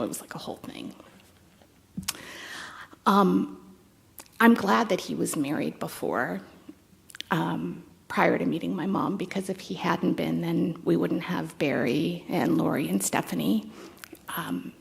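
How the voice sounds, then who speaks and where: A woman in her fifties speaks at a memorial in a low, heavily gravelly voice with lots of vocal fry. Her talk is halting and conversational, with fond, wry asides. She sounds like a stepdaughter remembering her stepdad. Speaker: stepdaughter giving a eulogy. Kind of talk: memorial eulogy.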